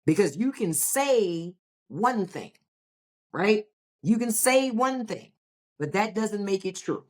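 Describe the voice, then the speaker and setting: A woman's voice: medium pitch, animated, takes it slowly. American woman, podcast host, solo political commentary, emphatic and repetitive, mid-range voice. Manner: emphatic, repeats phrases for effect; rhetorical questions and asides.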